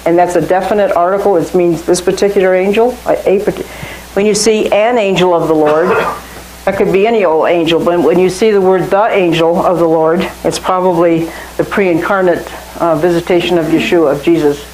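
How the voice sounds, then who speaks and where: A woman's voice: on the low side, steady tone, a little fast, a little mellow, reverberant, a little hiss or hum, low-quality recording. A woman leading an informal Bible study, talking through scripture in a conversational way and often repeating and restarting phrases. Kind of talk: informal Bible teaching to a small group.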